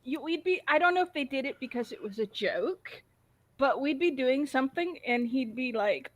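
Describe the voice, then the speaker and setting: A woman's voice: high-pitched, animated, normal speed. A woman guest in a casual chat, affectionate and opinionated.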